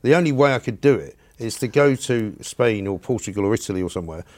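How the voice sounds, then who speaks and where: A man's voice: lowish voice, expressive, dry recording, studio quality. A man from London hosting a radio podcast, blunt and opinionated in casual chat. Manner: blunt, opinionated, fast-talking. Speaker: radio host.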